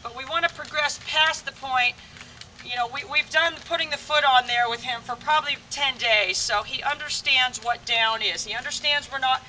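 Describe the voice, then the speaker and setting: Bright-voiced woman dog trainer outdoors. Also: high voice, moderate pace, distant mic, slight background noise. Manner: explains steps plainly, addresses viewers directly. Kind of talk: instructional training demo. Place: outdoors on a rural training field.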